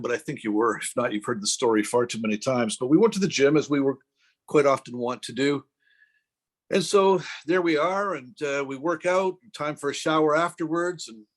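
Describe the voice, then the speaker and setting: A middle-aged man casually telling a self-deprecating story as a podcast co-host, acting out the voices of the people in it. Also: medium pitch. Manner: anecdotal, self-deprecating, acts out quoted voices.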